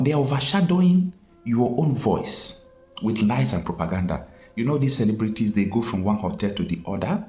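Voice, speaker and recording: A man's voice: fairly low pitch, a little mellow, roomy sound. A Nigerian man giving an impassioned political commentary, emphatic and full of rhetorical questions.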